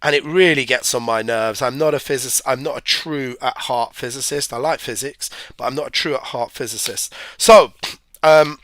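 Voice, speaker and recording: A man's voice: medium pitch, moderate pace, fairly bright tone, dry recording, studio quality. A man with hay fever, giving a chatty, rambling live-stream physics revision lesson and talking to his viewers. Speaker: physics tutor.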